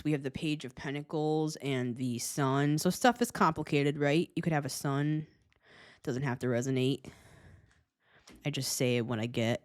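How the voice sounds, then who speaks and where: Low voiced woman doing a tarot reading, chatty n blunt, swears a lot, dry sound. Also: no echo. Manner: chatty, swears freely, laughs often. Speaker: tarot reader.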